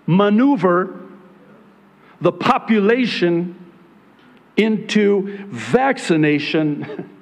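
A male pastor preaching about prophecy from the pulpit, sarcastic and animated, mocking his critics in put-on voices. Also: on the high side. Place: church sanctuary.

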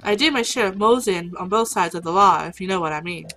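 A woman's voice: a little high, expressive, moderate pace, fairly bright tone, soft background music, pitched above the performer's own voice, poor audio. Woman reading as an easygoing hacker who calls you hun. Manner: friendly drawl attempt, read aloud. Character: breezy Southern-tinged hacker, calls people hun.

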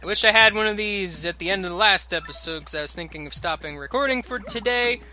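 A man's voice: high-pitched, quick pace, pushed and bright, faint music behind. A man casually commentating a video game with sarcastic jokes and rambling asides. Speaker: let's play commentator.

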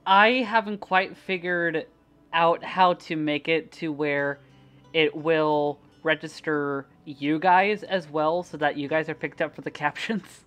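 Young Midwestern woman streamer with a speech impediment; lowish voice, blunt casual talk over faint background music. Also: steady tone, slow, a bit bright. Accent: Midwestern American. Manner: laughing, frank, swears freely.

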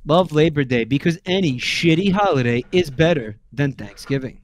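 Weary deadpan man reading jokes. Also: a little high, normal speed, few pauses, slight background noise. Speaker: stream guest reading jokes. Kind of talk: casual stream chat.

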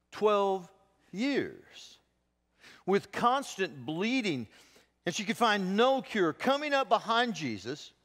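The reverberant church sanctuary lends this recording a long hall echo as a high-voiced male pastor preaches. His sermon is told with lively storytelling, and he acts out the voices of those he quotes.

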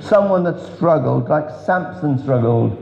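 A man preaching an earnest revival sermon, telling stories with emphatic pauses. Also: animated, gravelly. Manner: earnest, storytelling, emphatic drops in pitch. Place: large church hall. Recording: echoey church hall, dull sound.

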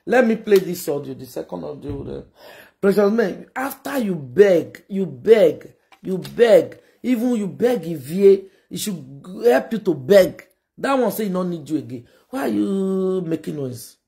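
Loud, scolding Nigerian woman reacting. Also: fairly low pitch, sing-song, a little slow, vocal fry. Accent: Nigerian Pidgin English. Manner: scolding, mocking, with sudden shouts. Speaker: gossip reaction host. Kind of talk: animated reaction commentary.

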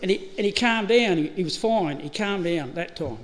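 At a funeral service hall, a middle-aged Australian man gives a eulogy in a high, animated voice at a moderate pace. He tells funny anecdotes, laughing and acting out the dialogue. The hall is reverberant, with faint ambient noise.

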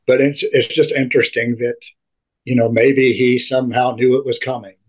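A man being interviewed, telling a personal story in halting speech that often repeats and restarts words. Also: medium pitch, level tone. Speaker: interview guest. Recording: dull lo-fi recording.

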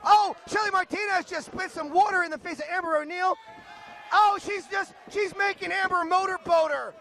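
Here a wrestling commentator runs through the action play by play, joking, laughing frequently and ribbing his partner. His very high voice is creaky, bright and forceful, with fairly even intonation at a normal speed.

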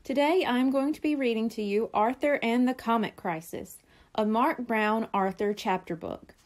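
A woman working as a librarian, reading a children's chapter book aloud with clear, expressive storytelling. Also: on the high side, normal speed.

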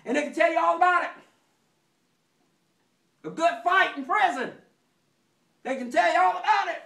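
Male preacher, high voice, folksy sermon storyteller, distant mic in a roomy church. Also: very animated, moderate pace, creaky, long pauses, bright, forceful tone. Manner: folksy storytelling, acts out anecdotes with sound effects; call and response. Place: church sanctuary.

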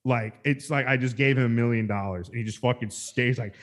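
A man rambles through a story on a casual podcast, swearing freely and restarting his sentences again and again. His voice sits at a middle pitch and sounds like his ordinary everyday talk. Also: fairly quick. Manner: rambling, profane, restarts a lot. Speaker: podcast host.

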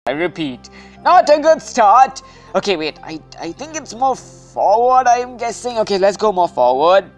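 A woman giving casual gameplay commentary, excitable and anxious, often calling out "dude". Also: medium pitch, measured pace, soft background music. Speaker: gaming video host.

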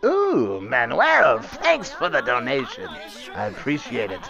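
A man doing the Joker, cackling and gravelly. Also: medium pitch, wildly swooping pitch, bright, forceful tone, a little hiss or hum, exaggerated voice. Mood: gleeful teasing. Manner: cackling, drawn-out, theatrical. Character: giggly grown male clown villain, teasing. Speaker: streamer. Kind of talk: live stream banter in a social game. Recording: muffled stream audio with music.

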